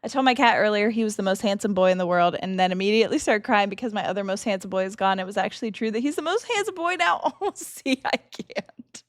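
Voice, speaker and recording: A woman streaming a game live and chatting casually with her viewers, emotional and quick to laugh. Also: mid-range voice, lively intonation, dry recording, studio quality.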